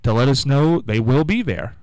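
A male radio host chats and plugs upcoming events in an upbeat, folksy way. His pitch moves a lot as he talks. The sound is dry and close. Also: animated, normal speed, darkish tone, no echo. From Midwest US. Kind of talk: casual radio chat.

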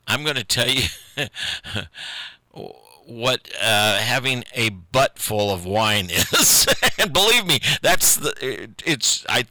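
This is an older man, chatting alone on local radio. He rambles, chuckles, and pokes fun at himself. His voice sits low but cuts with a strikingly bright, forceful edge, recorded close and dry. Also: dry recording. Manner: folksy, chuckling, self-deprecating, meandering. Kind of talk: rambling solo radio chat.

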